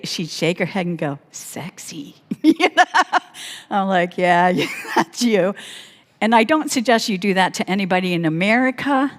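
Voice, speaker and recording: Woman pastor in a reverberant church. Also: medium pitch. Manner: animated, laughing often while telling a story. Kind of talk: storytelling sermon. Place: church sanctuary. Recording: long church hall reverb.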